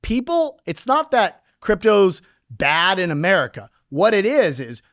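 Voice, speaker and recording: A man's voice: sits high, dry recording, studio quality. A man being interviewed as a crypto investor, talking with energy and explaining through everyday analogies. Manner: energetic, explains with homely analogies, acts out quick quoted voices. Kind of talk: casual podcast interview.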